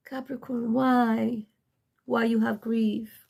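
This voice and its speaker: A woman's voice: mid-range voice, slow, gravelly, long pauses, darkish tone. A middle-aged woman giving a casual tarot reading, blunt and profane, emotional and choking up at times, with non-native English phrasing. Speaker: tarot reader.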